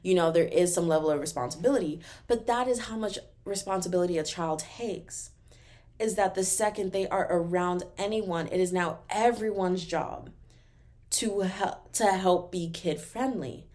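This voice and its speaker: A young adult woman from Texas with a Texan accent, hosting a podcast in a casual, animated solo rant full of fillers. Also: on the low side. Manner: animated, exasperated, talks fast with many fillers. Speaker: podcast host.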